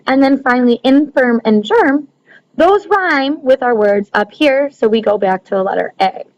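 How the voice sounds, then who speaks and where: A woman's voice: sits high, expressive, normal speed. A woman teacher walking students through a recorded lesson, explaining step by step with frequent ums and checking that they follow. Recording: slightly dull lo-fi recording.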